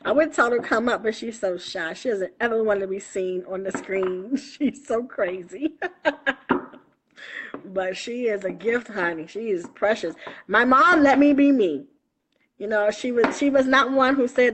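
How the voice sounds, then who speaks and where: A fairly high-voiced woman coach talking live into her phone. She is affectionate and laughs often, calling her listeners baby and honey. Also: normal speed, noisy background. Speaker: spiritual coach. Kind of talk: live-streamed casual talk.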